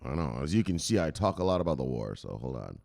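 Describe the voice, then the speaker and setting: A man's voice: very deep voice, very animated, fast, vocal fry, darkish tone. A man who hosts a crypto news show, chatting casually in a joking, profane, rambling way. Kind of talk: casual livestream chat.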